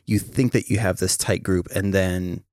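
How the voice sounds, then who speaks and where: Man, podcast host, casual chat, profane, animated, lowish voice, dry recording. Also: normal speed, dry recording.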